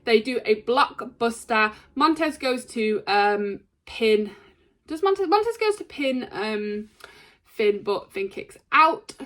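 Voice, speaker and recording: Bright, excitable woman recapping wrestling. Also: fairly high pitch, takes it slowly. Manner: excitable, rambling, full of ums and likes. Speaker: wrestling show reviewer. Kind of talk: casual recap of a wrestling show.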